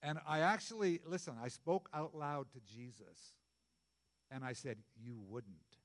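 Chatty pastor, fairly high voice. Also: male voice, animated, unhurried, in a large hall. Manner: conversational, jokey preaching with sudden loud bursts and soft asides. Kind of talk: sermon.

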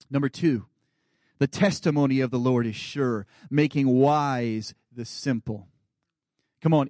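A man in his thirties preaching a sermon as guest pastor, earnest, often dropping to soft quiet asides. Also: on the high side, no room sound, studio quality. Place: church sanctuary.

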